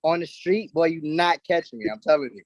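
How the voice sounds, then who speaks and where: A man co-hosting a live show, bantering in an animated, boastful, colloquial way. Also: on the high side, a little fast, no room sound, lo-fi sound. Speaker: co-host. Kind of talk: casual banter.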